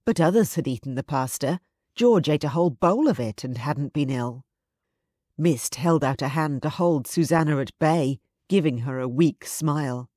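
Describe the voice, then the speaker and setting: A woman narrating a romance audiobook in an even, measured storytelling voice. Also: low voice, no room sound, studio quality. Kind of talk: scripted narration.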